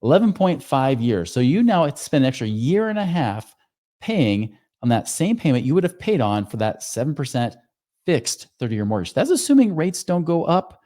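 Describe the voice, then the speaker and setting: A man's voice: on the high side, very animated, normal speed, warm tone. A man hosting a finance podcast, walking through loan numbers in an emphatic, explanatory way. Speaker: podcast host, financial advisor.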